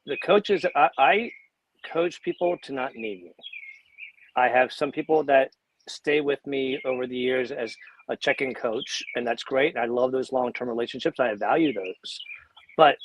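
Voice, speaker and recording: A man's voice: mid-range voice, measured pace, a little hiss or hum, poor audio. A man who works as a coach, talking casually on a panel in a chatty, self-deprecating way and laughing often.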